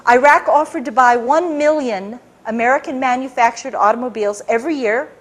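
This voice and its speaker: A woman's voice: high-pitched, a little fast. A middle-aged woman, a former intelligence liaison, telling her story to an audience and acting out what people said. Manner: animated, acts out quoted people. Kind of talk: recounting events to an audience.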